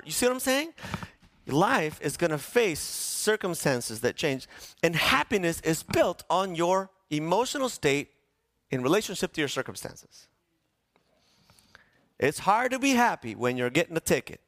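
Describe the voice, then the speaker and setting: A man preaching a sermon to his congregation, animated, asking them questions and acting out quoted voices. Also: high voice, moderate pace, pauses often, no echo. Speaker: pastor. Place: church sanctuary.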